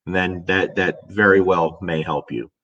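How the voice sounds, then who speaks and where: A middle-aged man, a dog trainer, casually telling a story and answering viewer questions, animated and swearing now and then. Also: deep voice, unhurried, muffled recording. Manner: animated storyteller, swears casually, acts out his own reactions.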